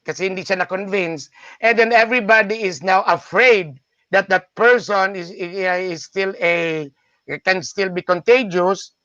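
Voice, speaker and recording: Filipino-accented man, high voice, sharp tone, excitable host, dry muffled sound. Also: measured pace, dry recording. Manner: excitable, interrupts and apologizes, restarts often. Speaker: talk show host. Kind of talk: casual interview hosting mixing English and Tagalog.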